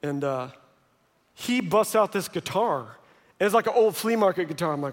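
High-voiced pastor in a reverberant hall. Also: male voice, normal speed, pauses often. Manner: lively storytelling with joking asides. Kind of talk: sermon. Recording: long reverb of a large hall.

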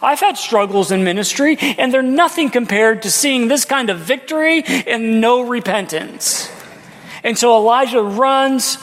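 High-pitched guy preaching, dramatic storytelling, lots of rhetorical questions, long echoey church reverb. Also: fairly bright tone. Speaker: pastor. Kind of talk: sermon.

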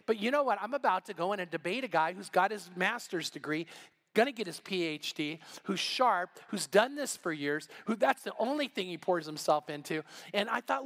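A middle-aged man preaching a sermon, telling a story with lively voiced quotes. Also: high-pitched, a little fast, vocal fry. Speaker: pastor.

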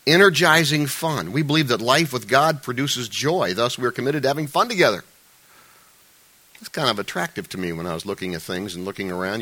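A man preaching a sermon as a pastor, animated and joking, often breaking off mid-sentence to restart or add an aside. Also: mid-range voice.

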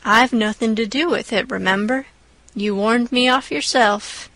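A woman voicing a shy, mild older farmer man who speaks hesitantly and softly. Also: on the high side, unhurried, no room sound. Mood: forlorn. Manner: hesitant, soft-spoken.

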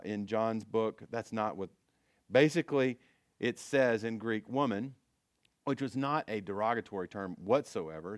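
A man's voice: lowish voice, dry recording, studio quality. A man pastor giving a conversational sermon, with frequent restarts and fillers.

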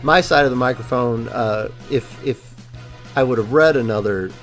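A man's voice: mid-range voice, moderate pace, soft background music. A man co-hosting a podcast, chatting casually about a book, joking and talking in loose, restarting sentences. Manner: rambling, many fillers and restarts, jokey. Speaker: podcast co-host.

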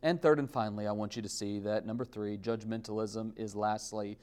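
A man's voice: on the low side, fairly even intonation, brisk, a little mellow, clean tone. A man preaching a sermon, emphatic, with big swings in volume and pace as he builds and drops his points. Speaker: pastor.

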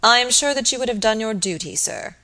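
Woman reading a grave young gentleman lawyer, formal and measured, Victorian storybook. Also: on the high side, lively intonation, pitched above the performer's own voice. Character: grave earnest young male barrister.

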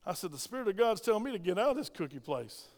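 A middle-aged man preaching a sermon in a church, lively and conversational, swinging from soft asides to loud emphatic bursts. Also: sits high, fast talker. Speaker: pastor. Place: church sanctuary. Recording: long hall reverb.

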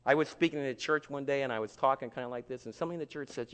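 A man preaching a sermon, swinging from near shouts to hushed tones and acting out the voices of churchgoers. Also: medium pitch, racing, hardly any pauses, clear, resonant tone. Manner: acts out quoted voices of churchgoers. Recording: long hall reverb.

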